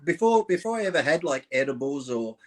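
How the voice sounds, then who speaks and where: A man's voice: fairly high pitch, sing-song, fairly quick, a little mellow, a little hiss or hum. A man chatting as a guest, telling crude stories and laughing through them. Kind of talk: crude casual chat with storytelling.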